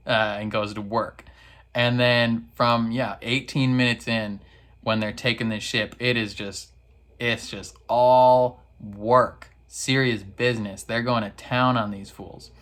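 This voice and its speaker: A man's voice: on the low side, pushed and bright. A man hosting a reaction video, recapping an episode in casual slang with frequent laughs. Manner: slangy, laughs a lot, acts out characters in silly voices; rambling with fillers and restarts.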